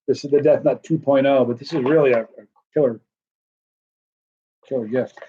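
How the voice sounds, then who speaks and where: A man's voice: medium pitch, fairly even intonation, moderate pace, mellow, breathy edge. A man hosting a casual livestream, rambling through a friendly sales patter. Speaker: livestream host selling signed hot sauce. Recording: dull, muffled lo-fi sound.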